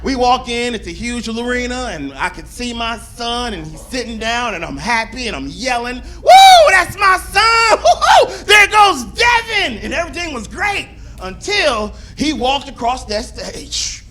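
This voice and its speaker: Animated high-voiced male stand-up comic. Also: moderate pace, few pauses, noisy background. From Florida. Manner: animated storytelling, squealing high shouts when acting out his crying. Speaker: stand-up comedian. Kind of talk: stand-up comedy set. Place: comedy club stage.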